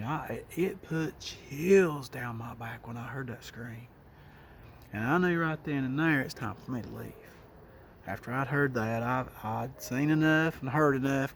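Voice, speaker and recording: A middle-aged man, telling a first-person ghost story in a folksy, unhurried way. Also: mid-range voice, slight background noise. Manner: folksy, unhurried, with rural Southern phrasing.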